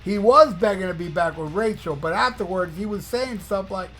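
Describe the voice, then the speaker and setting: A man with a notably high voice, talking in a casual podcast monologue. He rants bluntly and swears freely, like a fed-up fan, while faint guitar music plays behind him. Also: moderate pace, fairly bright tone, slightly rough. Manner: blunt, profane ranting fan. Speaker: podcast host.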